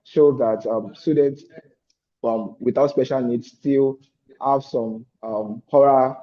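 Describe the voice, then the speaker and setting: A man's voice: mid-range voice, fairly even intonation, slow pace. A man giving a hesitant update on an online call, with many fillers. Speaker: fellowship student. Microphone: video call. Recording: dull lo-fi call audio.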